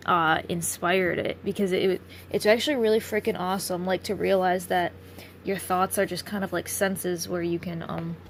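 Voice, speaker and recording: A tired woman talks through a late-night philosophy ramble in a gravelly voice full of vocal fry. She drifts, trails off and swears freely as her thoughts wander. A faint hiss sits under her voice. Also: fairly low pitch. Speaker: vlogger.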